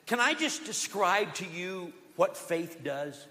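A man preaching in a high, bright voice, moving between loud declarations and hushed asides as he tells stories. The sanctuary adds a long reverb to every word. He preaches like a pastor leading his congregation. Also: very animated, slow, few pauses. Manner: storytelling with quoted voices. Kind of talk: sermon. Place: church sanctuary. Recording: long church hall reverb.

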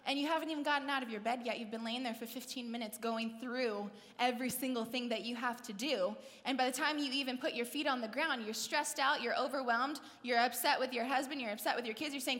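Woman preacher, high voice, lively and chatty, acts out scenes, with a long hall echo. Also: fast talker, hardly any pauses. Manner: conversational, asks the audience questions. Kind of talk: sermon.

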